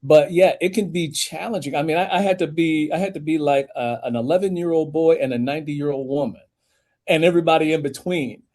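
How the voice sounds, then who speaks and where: A man, an author and audiobook narrator, speaking as a podcast interview guest, animated, with emphatic rises in pitch when he makes a point. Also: a little fast. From United States.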